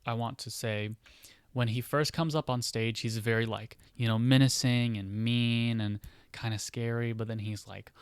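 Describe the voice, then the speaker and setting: A man's voice: medium pitch, fairly even intonation, moderate pace, clean tone, no room sound. A man hosting a podcast, casually telling a story in a rambling way full of "like" and "you know.". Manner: rambling, filler-heavy, many "like" and "you know". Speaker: podcast host. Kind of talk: casual storytelling of a book idea.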